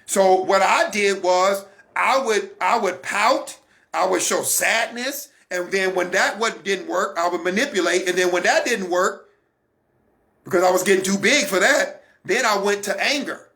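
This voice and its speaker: A man's voice: high voice, measured pace, vocal fry, bright, forceful tone. A man giving a Christian teaching talk, emphatic and repetitive, coaching his listeners directly. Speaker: broadcast minister.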